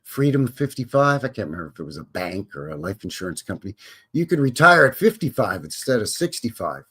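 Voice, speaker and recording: A man's voice: lowish voice, very animated, fairly quick, fairly bright tone, breathy edge. A man in his fifties hosting a live stream, chatting in a loose, joking, rambling way. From Canada. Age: 50s. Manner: joking, rambling, drops into silly voices. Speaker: host. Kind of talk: casual live-stream chat.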